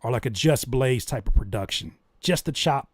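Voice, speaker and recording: A man hosting a casual livestream, reacting to music and joking with chat in an animated way. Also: medium pitch, normal speed. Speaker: livestream host giving music feedback.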